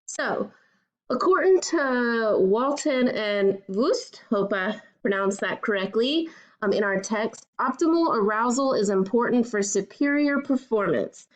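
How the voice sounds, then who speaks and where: A woman's voice: on the high side, expressive, a little slow, muffled recording. A woman student giving a recorded class presentation, telling a story casually with filler words.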